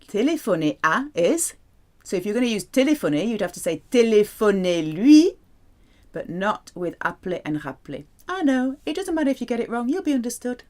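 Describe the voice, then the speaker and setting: A woman teaching a French lesson, explaining playfully and slowly repeating words for practice. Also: mid-range voice. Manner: lively, playful explaining with slow drilled repetitions. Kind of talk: language lesson.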